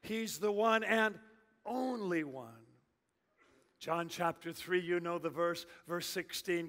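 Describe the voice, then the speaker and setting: A middle-aged man preaches a sermon in a high, bright voice, taking his time with each line. He swings from ringing shouts to hushed, dropped phrases. A long reverb from a large church hall trails his words. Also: lively intonation, a little slow, long pauses. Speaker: pastor.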